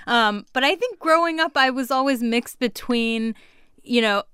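Woman from California, chatty and candid, smooth clear voice, dry recording. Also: a little high, moderate pace, sharp tone, no echo. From Orange County, California. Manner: chatty, frank, laughing often. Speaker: panel guest, editor. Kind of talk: casual panel discussion.

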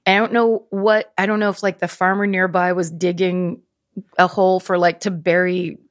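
A woman in her fifties, a podcast guest, chatting casually and telling stories in quick animated bursts. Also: fairly low pitch, no echo, clean studio sound. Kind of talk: casual chat.

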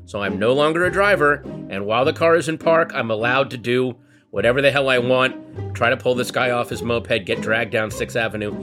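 A man's voice: mid-range voice, fairly quick, a bit bright, close to an everyday voice. A hot-headed male driver talks himself into being in the right, self-righteous and matter-of-fact. A man voices him in his own voice. Guitar music plays underneath. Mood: self-justifying.

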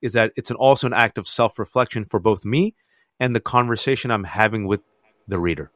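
A man, an author, talking in a radio interview as an animated storyteller who laughs often. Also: on the low side, fairly quick, no room sound, studio quality. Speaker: author and guest.

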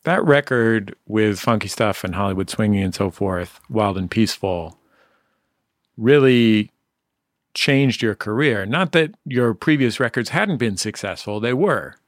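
A male host interviewing a musician, keen and lively, humming out horn phrases as he talks. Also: on the low side, a little slow, dry recording, clean studio sound. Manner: enthusiastic, hums out the music. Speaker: radio host. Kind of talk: interview hosting.

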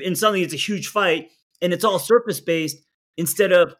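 Guy coaching a couple in a session, earnest, gets animated, repeats his words a lot. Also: high-pitched, brisk. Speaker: relationship coach.

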